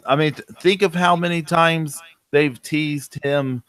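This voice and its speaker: A man's voice: a little high, fairly even intonation, unhurried, a bit bright. A man hosting a casual wrestling chat, rambling with lots of "like" and "uh". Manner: rambling, filler-heavy, says "like" a lot. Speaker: podcast host.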